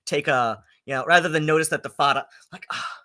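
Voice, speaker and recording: Guy streaming a rant, bright edgy voice, um like um like, sarcastic and fed up. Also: fairly high pitch. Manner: filler-heavy, halting, with many ums and likes; sarcastic and exasperated. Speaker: live-stream commentator. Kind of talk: rambling commentary.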